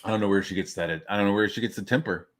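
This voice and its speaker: A man's voice: lowish voice, fairly even intonation, racing. A man hosting a livestream show, casually telling stories about being a father, swearing freely and restarting his sentences. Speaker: father of young daughters.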